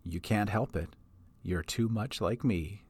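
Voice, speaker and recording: A man voicing an older grandmother and former adventurer, speaking low and fondly. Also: unhurried, darkish tone, slightly rough, no room sound, faint music behind. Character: old woman, a grandmother and retired adventurer, warm and wistful.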